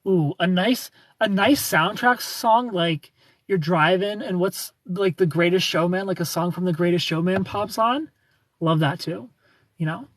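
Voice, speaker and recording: A young man with a Southern US accent hosts a casual livestream, teasing and greeting viewers by name. His voice sits a little higher than most men's. The sound is dry and close, with no room echo. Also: measured pace. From United States. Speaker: livestream host. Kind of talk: casual chat with live viewers.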